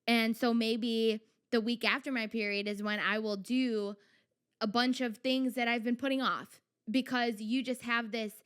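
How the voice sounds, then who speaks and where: A young woman talks through her own podcast in a loose, chatty way, full of fillers and little acted-out thoughts. Her voice sits a touch high and comes across smooth and clear. She sounds like she is confiding in her listeners. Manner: chatty, animated, frequent "like" fillers and self-quotes. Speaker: podcast host. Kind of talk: casual solo podcast talk.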